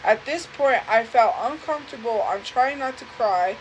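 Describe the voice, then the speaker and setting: Young woman livestreaming, kinda high voice, earnest and halting, keeps repeating herself. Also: lively intonation, muffled recording, a little hiss or hum. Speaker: livestream host. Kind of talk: emotional personal storytelling.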